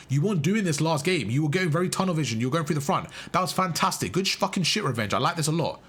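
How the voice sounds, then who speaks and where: A man's voice: fairly high pitch, animated, rapid-fire, hardly any pauses, fairly bright tone, husky. A young man coaching a player live through a match, emphatic and full of praise, repeating his instructions. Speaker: game coach. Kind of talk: live gameplay coaching commentary.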